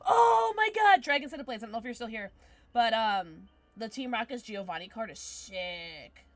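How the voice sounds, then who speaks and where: A woman's voice: fairly high pitch, normal speed, dry recording. A young adult woman streaming from home, chatting casually and gushing at her chat with sudden squeals.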